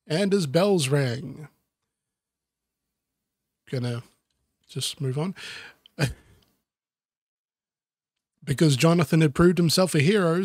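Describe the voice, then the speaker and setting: A man reading a children's book aloud with deadpan, self-mocking asides. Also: on the high side, no echo, clean studio sound. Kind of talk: sarcastic comedic book reading.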